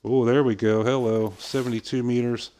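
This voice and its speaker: An older man streaming a game, casually telling a long story with swearing and quick impressions of other people. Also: medium pitch, flat delivery, dark tone. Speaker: gaming streamer. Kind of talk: casual storytelling while playing.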